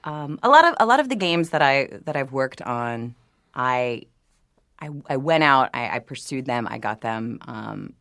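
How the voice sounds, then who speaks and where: A woman from New Orleans, a voice actor, chats as a guest in a casual interview. Her voice sits low and the sound is close and completely dry. She tells her stories animatedly, laughing often and restarting her sentences. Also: animated, moderate pace, a bit bright, dry recording.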